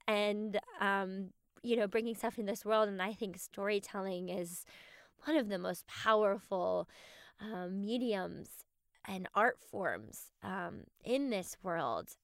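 A woman podcast host giving a heartfelt, emotional farewell to her listeners, halting with many restarts. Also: medium pitch, a bit bright, clear, resonant tone, no echo, studio quality.

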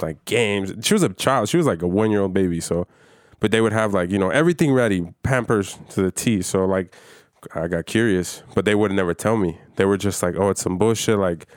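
A man's voice: lowish voice, no echo, studio quality. A man telling stories in casual podcast chat, slangy and full of swearing. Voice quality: heavy swearing, loose slangy storytelling.

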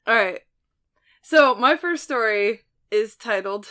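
A woman's voice: fairly high pitch, slow pace, clean tone. Giggly woman co-hosting a chat show. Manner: giggly, animated storyteller. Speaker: podcast co-host. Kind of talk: casual chat, reading listener stories aloud.

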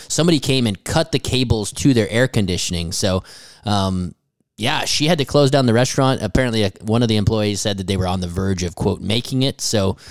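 A man co-hosting a casual chat show, joking crudely with quick asides. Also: lowish voice, no echo, clean studio sound. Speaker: podcast co-host.

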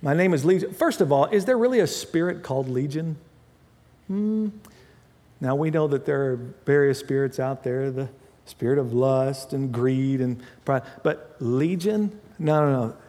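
A pastor preaches a sermon, working through a scripture passage conversationally with asides and quick self-corrections. His voice is medium-pitched and dark, trailed by a long reverb tail.

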